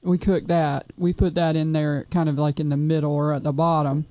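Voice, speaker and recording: A woman's voice: sits low, level tone, moderate pace, mellow, no echo. A woman with a Southern US accent chatting enthusiastically on a radio show, gushing with exclamations. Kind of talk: casual radio chat.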